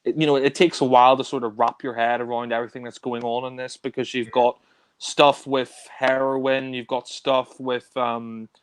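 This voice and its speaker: A man's voice: medium pitch, flat delivery, moderate pace, clean tone, no echo. A man casually reviewing spy films, rambling with many fillers and restarts. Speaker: film reviewer. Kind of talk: casual film discussion.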